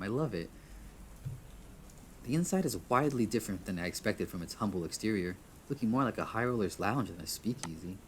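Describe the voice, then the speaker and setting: Guy with a lowish voice reading a game out loud, keeps fumbling and redoing lines, faint hiss behind. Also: expressive, fairly quick. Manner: stumbles, restarts, chuckles at himself. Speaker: gamer reading a visual novel aloud. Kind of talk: reading game text aloud with asides.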